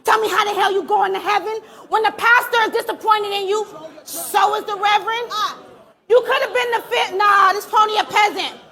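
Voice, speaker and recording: A woman performing a live battle rap, taunting her opponent with aggressive, shouted punchlines. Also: very high-pitched, fairly even intonation, moderate pace. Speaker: battle rapper. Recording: live event with crowd behind.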